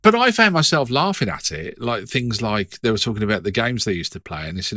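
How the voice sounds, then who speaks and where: A middle-aged man in casual conversation, telling anecdotes with animated delivery and frequent restarts. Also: lowish voice, brisk, hardly any pauses, no echo, studio quality. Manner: animated storytelling, hesitant restarts. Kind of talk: casual chat.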